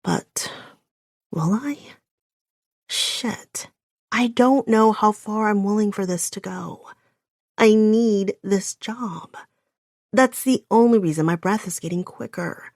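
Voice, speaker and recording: A woman's voice: medium pitch, expressive, measured pace, no room sound, studio quality. A woman reading a first-person audiobook, breathless and often dropping to a whisper. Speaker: audiobook narrator.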